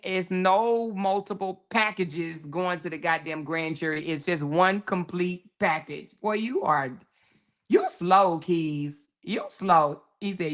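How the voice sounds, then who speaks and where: Lively laughing woman streamer. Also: low-pitched. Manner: animated, laughs often, African American Vernacular English. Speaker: livestream commentary host. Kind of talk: casual livestream commentary reading chat.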